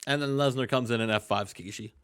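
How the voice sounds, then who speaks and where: A man's voice: mid-range voice, quick pace, a bit bright, clean tone. A man casually narrating wrestling game results to a co-host, joking and swearing freely with hype-man flair. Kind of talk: casual gaming commentary.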